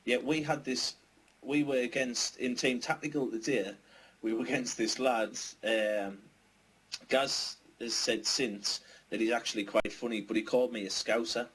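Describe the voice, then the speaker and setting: A man's voice: mid-range voice, steady tone, moderate pace, a bit bright, a little hiss or hum, rough recording. A man co-hosting a gaming chat, telling rambling stories full of swearing. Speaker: gaming channel co-host. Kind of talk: casual banter podcast.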